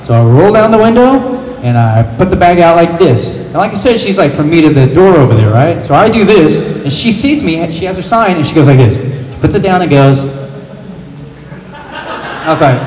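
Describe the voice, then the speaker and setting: Man, high voice, animated comic storyteller on a panel stage; sound is distant and boomy, long hall reverb. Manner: animated, building to slow dramatic pauses. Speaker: panel guest telling a story. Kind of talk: comic storytelling to a live audience. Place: large event hall with an audience. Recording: roomy hall echo, voice off-mic, faint noise.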